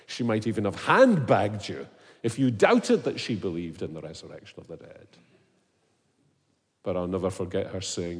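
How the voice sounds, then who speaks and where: A man's voice: on the low side, animated, normal speed. A man preaching an expository sermon, earnest and emphatic, asking his listeners questions. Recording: long hall reverb.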